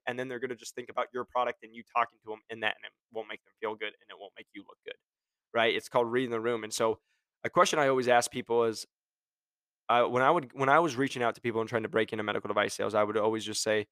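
Casual, energetic young man giving sales advice. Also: mid-range voice, fast, no echo. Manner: energetic, conversational, acts out phone calls; admits he gets passionate and curses. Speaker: medical device sales rep sharing advice.

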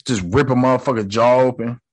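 A man's voice: mid-range voice, fairly even intonation, a little fast, darkish tone, dry recording. A young man giving a casual, joking recap of a show episode, full of slang and profanity.

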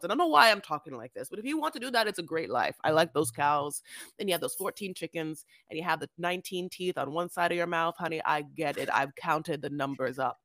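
A woman's voice: fairly low pitch, lively intonation, brisk, a bit bright, dry recording, studio quality. Sassy woman recapping reality TV. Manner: sassy, tangent-prone, peppers talk with "honey" and swearing. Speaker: podcast co-host. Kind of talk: casual reality-TV recap chat.

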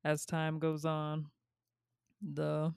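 A woman co-host who reads listener messages aloud in a dry, deadpan way. Her voice sits low and stays flat, with a very smooth, clean tone. The sound is dry and close. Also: extremely slow, dry recording. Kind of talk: comedic sibling banter.

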